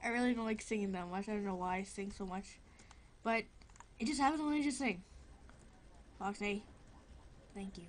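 A woman's voice: mid-range voice, moderate pace, long pauses, slight background noise. A young woman casually commenting on her gameplay, rambling, giggling and often apologizing. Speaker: gameplay video host.

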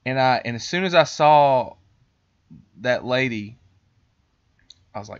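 A man's voice: fairly low pitch, moderate pace, muffled recording. Rambling, profane male podcast host. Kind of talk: casual storytelling chat.

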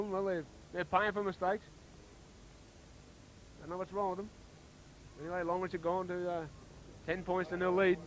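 Australian man, rugby league commentary, casual and chatty, higher voice, faint crowd murmur. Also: moderate pace, long pauses, slight background noise, rough recording. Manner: casual and chatty, excitable on tries. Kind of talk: local match commentary.

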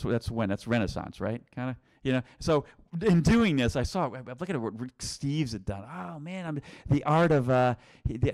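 A man's voice: mid-range voice, a little mellow. A middle-aged man from New England giving a casual virtual tour, rambling with many restarts and chuckles. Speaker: tour guide and teacher.

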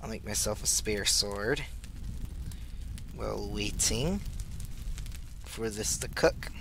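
A man doing let's play commentary, talking to himself as he plays and bursting into excited squeals. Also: lowish voice, takes it slowly, gravelly, slight background noise. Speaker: gaming channel host.

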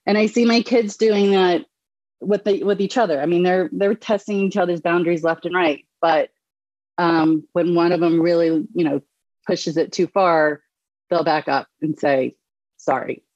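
A woman's voice: on the low side, steady tone, moderate pace, darkish tone, dry recording, dull audio. A woman in her thirties, a podcast host and mother, talking casually with lots of fillers and restarts. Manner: chatty, many fillers and restarts. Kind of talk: casual conversation.

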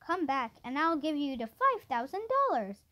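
A rich old grandfather full of blunt, eager questions, as a woman reads him aloud in a children's storybook. The voice sits high and swings up sharply on his questions. He is read almost in her everyday voice. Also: big pitch swings, normal speed, bright, forceful tone, heavily acted. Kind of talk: storybook character voice.

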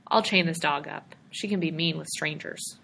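A cordial older father, voiced by a woman reading a storybook aloud, with a bright tone and a lowish pitch. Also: moderate pace, creaky, slight background noise.

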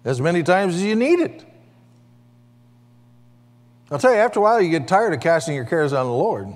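A pastor with a voice on the high side preaches briskly in a church sanctuary, his pitch swinging widely. His sermon relies on call-and-response, calling for amens from the congregation, and the hall gives off a long reverb.

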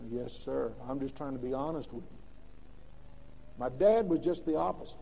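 A man preaching a sermon as pastor, swinging between loud emphatic bursts and quiet, low asides. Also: moderate pace, vocal fry, slight background noise. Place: large church sanctuary. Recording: old lo-fi recording with long reverb.

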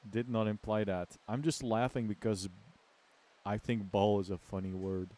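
A man's voice: on the low side, fairly even intonation, moderate pace, warm tone. A man chatting casually while streaming a game, goofy and self-mocking, sometimes humming to himself. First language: Dutch. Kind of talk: casual let's-play chat. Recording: game music playing behind.

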